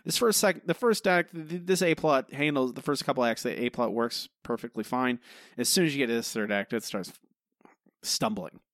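A man's voice: mid-range voice, normal speed, a bit bright, no echo, studio quality. A man co-hosting a podcast, critiquing an episode in rambling, casual chat full of fillers and restarts. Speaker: podcast co-host.

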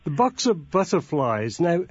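An older man with a softened Birmingham accent hosts a radio interview in a higher voice. He sounds affable and relaxed. The recording is dry and a little dull. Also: unhurried, breathy edge, dry recording. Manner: affable, laughs along with his guest. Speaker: host.

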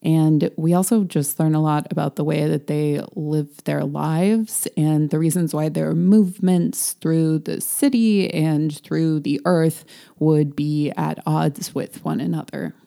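A woman talking through a novel in loose, casual conversation, laughing often and putting on mocking voices for quotes. Her voice sits low, with a warm, mellow tone. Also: fairly even intonation, measured pace, vocal fry. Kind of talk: casual book discussion.

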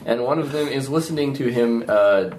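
Game master, man, halting delivery with lots of fillers, noisy recording, mid-pitched voice. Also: darkish tone. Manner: halting, many fillers and restarts. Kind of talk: narrating a tabletop horror game.

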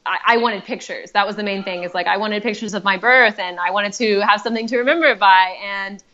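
A woman's voice: mid-range voice, fast, sharp tone, lo-fi sound. A woman telling her own story as a podcast guest, chatty and heartfelt, with many fillers and restarts. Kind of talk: personal storytelling.

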